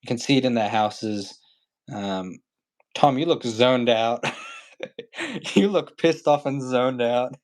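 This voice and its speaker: A man's voice: medium pitch, slow pace, pauses often. A man from Iran, a guest on a livestream, talking in a blunt, joking way with many fillers. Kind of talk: casual livestream chat.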